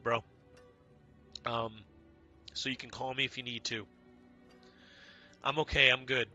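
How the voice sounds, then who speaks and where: A man's voice: medium pitch, unhurried, long pauses, faint music behind. A man chatting casually with his viewers during a game stream, greeting them by name and swearing freely. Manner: talks to chat by name, excitable, swears casually. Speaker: live streamer. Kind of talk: casual gameplay stream chat.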